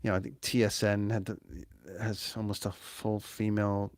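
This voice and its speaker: A man's voice: lowish voice, flat delivery, moderate pace, no room sound. Rambling male host from small-town Ontario, dry sound. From small-town Ontario, Canada. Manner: rambling, many fillers and restarts. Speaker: podcast host. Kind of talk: casual interview chat.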